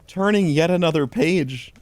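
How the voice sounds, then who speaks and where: A man giving a deadpan comedic reading of a holiday pun book, with dry delivery. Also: fairly high pitch, normal speed, dry recording. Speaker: host.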